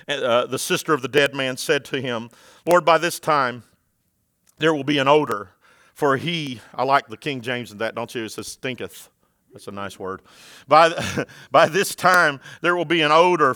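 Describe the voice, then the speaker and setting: A pastor who preaches a sermon, moving from loud, shouted passages to quiet scripture reading. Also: male voice, medium pitch, no room sound.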